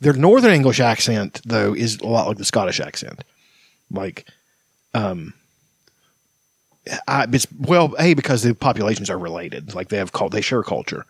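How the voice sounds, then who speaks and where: A podcast host talks in a loose, rambling way, swearing as he goes. His voice is husky and slightly rough. The sound is dry and close, with no room around it. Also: lowish voice, big pitch swings, normal speed, long pauses, no room sound. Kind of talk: casual podcast chat.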